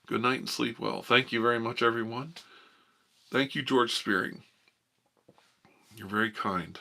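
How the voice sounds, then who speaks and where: A man hosting a live ASMR stream, chatting softly and playfully with viewers and rambling. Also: medium pitch, unhurried, vocal fry.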